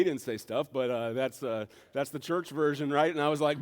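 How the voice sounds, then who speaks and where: Easygoing pastor, chatty storytelling. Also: male voice, fairly high pitch, a little fast, hardly any pauses, smooth. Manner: relaxed, self-deprecating storytelling with frequent fillers. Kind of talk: casual conversational sermon. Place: church sanctuary.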